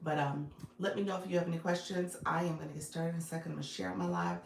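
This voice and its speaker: A woman's voice: on the low side, fairly even intonation, fast talker, vocal fry, reverberant, slight background noise. A woman hosting a casual live stream from her phone, chatting with viewers, greeting them by name and laughing often. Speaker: live-stream host and business coach.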